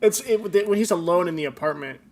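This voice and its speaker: A man's voice: high voice, lively intonation, fairly quick, very noisy. A man in his twenties co-hosting a comedy podcast, joking around, laughing often and reading listener stories aloud. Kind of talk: casual comedic chat.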